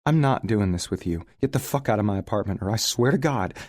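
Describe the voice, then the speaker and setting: A male narrator voicing a young woman with a fiery temper, who shouts and breaks into tears in an audiobook. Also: lowish voice, lively intonation, a little fast, no echo, studio quality, voice pushed up. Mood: furious. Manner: shouting, tearful outbursts. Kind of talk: audiobook character voice.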